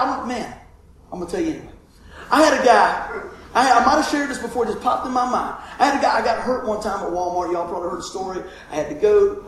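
Folksy preacher in an echoey hall. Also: male voice, sits high, slight background noise. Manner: folksy, animated storytelling with laughs and repetitions. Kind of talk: sermon storytelling. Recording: echoey room from far off.

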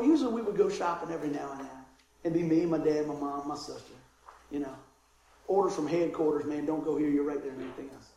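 A middle-aged pastor with a high-pitched voice preaches a sermon, telling a childhood story in an animated way, laughing and doing voices for the people in it. The hall is very echoey.

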